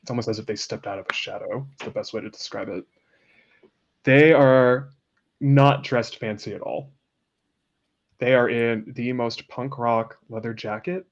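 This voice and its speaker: A man running a tabletop game, painting scenes in a loose, amused, chatty way. His voice sits in an ordinary middle pitch. The recording is dull and lo-fi. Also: fairly even intonation, normal speed. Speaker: game master. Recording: dull lo-fi sound.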